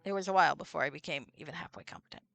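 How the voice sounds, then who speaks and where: A woman's voice: low voice, very fast, gravelly, fairly bright tone, dry recording. A woman streaming a computer role-playing game, chatting casually, swearing and reading out the characters' lines. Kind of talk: casual let's-play chat with read-aloud dialogue.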